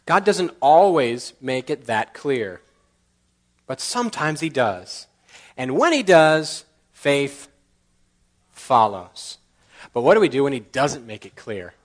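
A man preaching a sermon, telling personal stories with animated acted-out dialogue and laughing at his own jokes. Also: mid-range voice, slow pace, pauses often. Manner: animated, acts out dialogue in lively voices. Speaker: pastor. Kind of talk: storytelling sermon.

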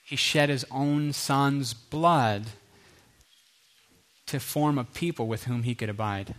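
A middle-aged male pastor preaching with emphatic repetition, sometimes dropping to a quiet hush. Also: medium pitch, slow. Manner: earnest, emphatic, repeats phrases, drops to a quiet hush. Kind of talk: sermon.

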